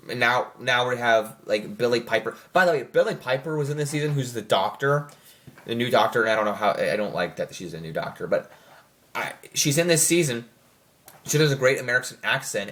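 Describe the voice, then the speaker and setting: A man's voice: mid-range voice, a bit bright. Male reviewer, casual, rambling, full of fillers and self-corrections. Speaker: show reviewer.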